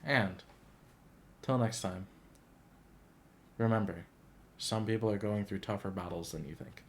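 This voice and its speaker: A man's voice: fairly low pitch, unhurried, slight background noise. A man hosting a casual reaction video, talking in an earnest, heartfelt, gushing way. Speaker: YouTube reaction host.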